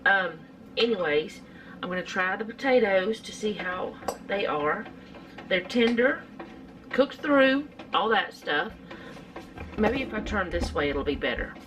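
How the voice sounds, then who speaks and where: A woman's voice: mid-range voice, lively intonation, a little slow, fairly bright tone. A middle-aged woman, chatting casually through a home cooking vlog in her kitchen, rambling with lots of fillers.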